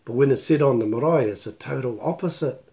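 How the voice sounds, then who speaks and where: Kiwi guy tutoring te reo live off a laptop mic, mellow voice, rambles and tells stories. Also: mid-range voice, fast. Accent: New Zealand. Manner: rambling, chatty, storytelling, sprinkles in Māori words. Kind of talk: casual live online lesson. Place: at home on a live video stream. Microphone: laptop microphone.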